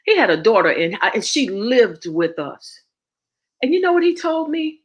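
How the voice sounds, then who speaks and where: A woman's voice: fairly high pitch, sing-song, moderate pace, highs cut off. A woman speaking as a guest and ritual teacher, blunt and profane, preaching with rhetorical questions. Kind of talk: impassioned spoken address.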